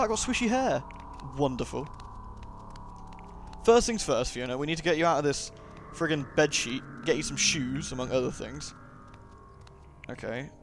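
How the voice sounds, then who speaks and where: A young man giving chatty, joking commentary while playing a video game. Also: a little high. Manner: joking, chatty, riffing asides. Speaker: let's play host. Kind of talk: casual gaming commentary. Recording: game sound behind the voice.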